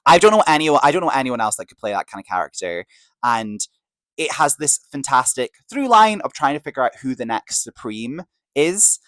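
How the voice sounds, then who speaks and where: Man, podcast host, casual chat, excited gushing, mid-range voice, dry close sound. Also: medium pitch, normal speed, no echo, rough recording. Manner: enthusiastic, gushing, chatty with fillers.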